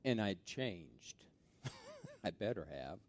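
Man preaching with hushed asides and loud peaks. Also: on the low side, wildly swooping pitch, slow. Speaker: pastor. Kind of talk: sermon.

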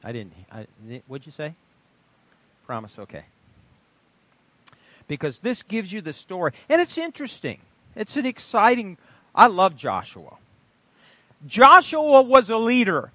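A man preaching a sermon and reading scripture aloud, with emphatic delivery. He quizzes the congregation in call-and-response and swings between loud proclamation and quiet asides. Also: high-pitched, huge pitch swings, measured pace, long pauses. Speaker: pastor.

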